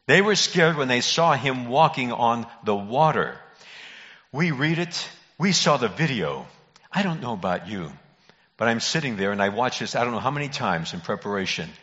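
A man's voice: medium pitch, big pitch swings, bright, forceful tone. Man preaching a sermon in an echoing hall. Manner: earnest, emphatic preaching with dramatic pauses. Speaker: pastor. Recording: muffled audio in a reverberant hall.

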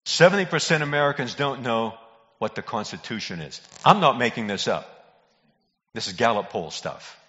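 Folksy older preacher in a reverberant church. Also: male voice, medium pitch, lively intonation, moderate pace, pushed and bright. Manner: folksy joke-telling preacher who calls out to congregation members. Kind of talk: sermon. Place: church sanctuary. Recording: dull recording in a reverberant hall.

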